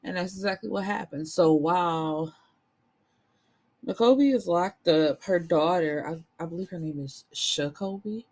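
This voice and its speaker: Woman casually recapping a book, low-ish voice, chatty, cusses a bit. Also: unhurried. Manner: chatty, animated, colloquial, swears. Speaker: book reviewer.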